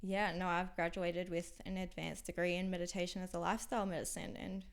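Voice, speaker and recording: A young Australian woman with a lowish voice, speaking as an interview guest. Her talk has a gravelly fry to it and comes in halting, candid phrases. She often trails off into a near whisper. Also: little pitch movement. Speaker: podcast guest.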